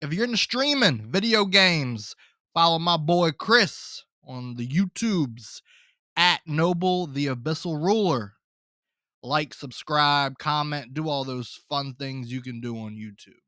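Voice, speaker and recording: Hosting his own podcast, a man chats with listeners in a loose, rambling solo style, calling them folks. His voice is on the high side with a sharp tone, recorded at studio quality with no room sound.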